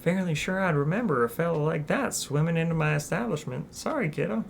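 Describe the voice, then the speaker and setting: A woman's voice: low voice, brisk, creaky, slight background noise, pitched above the performer's own voice. A woman voicing a kindly middle-aged crab innkeeper with a Southern US accent and homey, friendly talk.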